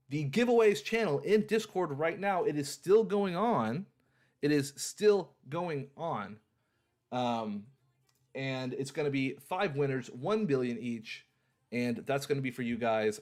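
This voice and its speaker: A young man hosting a livestream in a casual, upbeat way, repeating his phrases like an auctioneer. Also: medium pitch. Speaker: livestream host.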